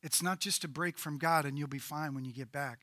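A male pastor delivering a sermon with a very bright, ringing tone. He swings from loud, emphatic bursts to low, hushed lines. The sound is close and dry. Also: fairly quick, dry recording. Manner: dynamic preaching, swinging between loud emphatic bursts and low quiet passages.

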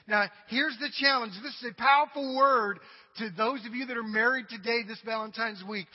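A male pastor preaching a sermon to his congregation, dramatic and humorous, swinging from loud cries to quiet asides. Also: extremely high pitch, fairly even intonation, normal speed, breathy edge. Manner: humorous, addresses the congregation directly. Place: church sanctuary. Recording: dull recording with long hall reverb.

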